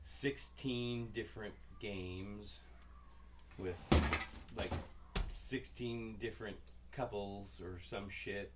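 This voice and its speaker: A man's voice: fairly low pitch, slow pace, very noisy. A man co-hosting a podcast, telling casual rambling stories full of swearing and acted-out dialogue. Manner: profane, rambling, acts out quoted dialogue. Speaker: podcast co-host. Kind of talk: casual storytelling chat.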